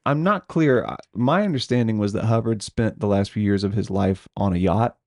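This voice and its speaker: A man's voice: on the low side, normal speed, a little mellow. A man co-hosting a podcast, chatting casually with a hedging, laughing manner and frequent ums. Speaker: podcast co-host. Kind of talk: casual conversational podcast chat.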